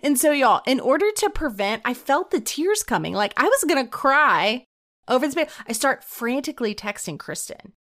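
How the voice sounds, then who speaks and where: A woman co-hosting a podcast, telling a story in an animated, laughing, breathless way. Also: sits high, normal speed. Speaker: podcast co-host. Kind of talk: casual chat, telling a story.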